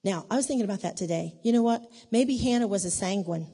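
A woman giving a conversational church teaching in an animated way, acting out the dialogue in her stories. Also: medium pitch, quick pace, breathy edge. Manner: animated, acts out quoted dialogue. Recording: long reverb of a large hall.

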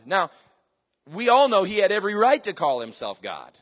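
High-voiced preacher man in echoing hall. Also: huge pitch swings, normal speed. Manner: dramatic swings from quiet asides to shouted scripture. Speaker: pastor. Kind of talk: sermon. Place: large church hall with live congregation. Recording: church sermon recording with long reverb.

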